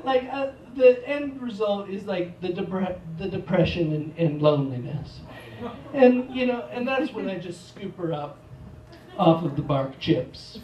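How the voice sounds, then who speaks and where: On a theater stage, a male stand-up comic with a high voice works through his set in a slow, rambling, self-deprecating way, punctuated by loud outbursts. The mic sits at a distance, so the theater's echo comes through strongly.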